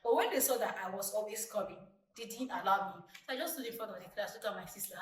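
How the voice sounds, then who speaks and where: A young Nigerian woman in her twenties, a vlogger telling stories from her childhood in a chatty, lively way. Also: medium pitch, quick pace, a little hiss or hum. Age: 20s. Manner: chatty, lively retelling with acted-out quotes. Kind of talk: casual storytelling to camera. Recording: roomy, distant mic.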